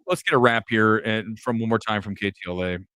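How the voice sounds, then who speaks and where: A man hosting a casual live commentary show, animated and profane, jumping from topic to topic. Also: lowish voice, quick pace, dry recording, clean studio sound. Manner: animated, swearing, jumps between topics. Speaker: host.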